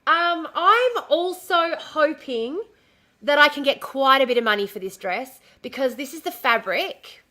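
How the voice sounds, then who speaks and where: A woman's voice: high-pitched, expressive, a little slow, sharp tone. A woman live-streaming casually from home, talking in a chatty, easily distracted way, swearing and restarting her sentences.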